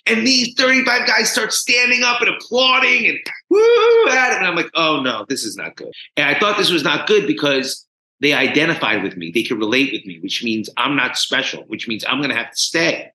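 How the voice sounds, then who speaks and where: A man from New Jersey tells his story to a host, animated and emphatic, swinging between hushed asides and loud bursts. His voice is fairly high and very bright. The sound is roomy, with clear echo. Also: brisk. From New Jersey, USA. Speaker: podcast guest. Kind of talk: casual storytelling.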